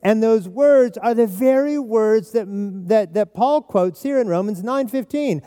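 Male preacher, high and mellow, emphatic expository sermon, church hall reverb. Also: unhurried, clear, resonant tone. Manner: emphatic, repeats key phrases. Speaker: pastor.

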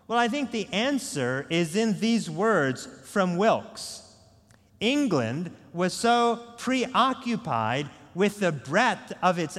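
Pastor guy preaching, unhurried, slightly high voice, long church echo. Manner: earnest, measured preaching with prayer. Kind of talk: sermon. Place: large church sanctuary. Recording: long hall reverb.

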